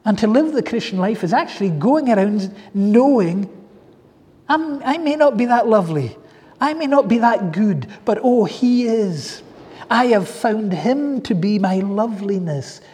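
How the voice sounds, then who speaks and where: Male preacher, high mellow voice, fervent pleading sermon delivery, echoey hall sound. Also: expressive. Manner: fervent, drawn-out pleading exclamations. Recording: echoey hall with long reverb.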